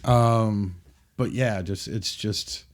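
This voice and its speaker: Lower-voiced man telling an animated story. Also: drawn-out words. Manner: animated, acts out quotes with restarts. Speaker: podcast guest. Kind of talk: casual storytelling chat.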